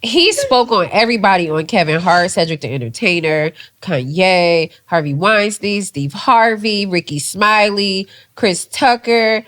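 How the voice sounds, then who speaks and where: A woman's voice: medium pitch, measured pace, hardly any pauses. A woman co-hosting a podcast, chatting casually and telling stories with lots of "like" and some swearing. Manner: animated storytelling, swearing, lots of "like" and "child". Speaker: podcast co-host. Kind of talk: casual chat.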